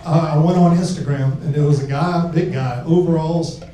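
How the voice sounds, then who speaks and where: A crude, brash man works a stand-up set through a handheld mic, his voice pitched high for a man. He sounds far off in a very echoey club. Audience laughter rolls behind him. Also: fairly even intonation, normal speed, warm tone. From Alabama. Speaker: stand-up comedian. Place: comedy club stage. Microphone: handheld microphone. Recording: echoey room, heard from afar.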